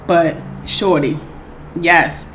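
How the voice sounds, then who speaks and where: A woman hosting an eating show, chatting casually and excitedly to her viewers, calling them y'all. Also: fairly low pitch, drawn-out words, slight background noise. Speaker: mukbang host.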